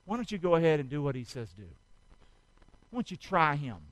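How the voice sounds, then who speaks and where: A man preaching a sermon, asking his congregation to answer back and building up to loud, fervent cries. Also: on the high side, sing-song, a little fast, dry recording, poor audio. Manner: call-and-response preaching, rising to shouts. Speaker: pastor.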